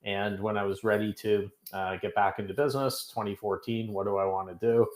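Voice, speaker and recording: A man's voice: on the low side, steady tone, a little fast, echoey room. A middle-aged man from Canada, a guest in an interview, who tells stories in a chatty, self-joking way. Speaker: podcast guest, business coach. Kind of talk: casual interview talk.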